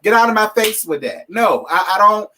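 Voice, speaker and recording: A man's voice: high-pitched, animated, normal speed, noisy background. A man co-hosting a casual gossip chat, blunt and sassy, brushing off critics. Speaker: co-host.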